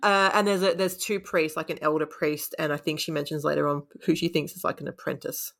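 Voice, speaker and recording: A woman's voice: deep voice, level tone, fairly quick, gravelly, fairly bright tone. A woman chatting casually about a book, laughing often and acting out the characters' lines. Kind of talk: casual chat retelling a book.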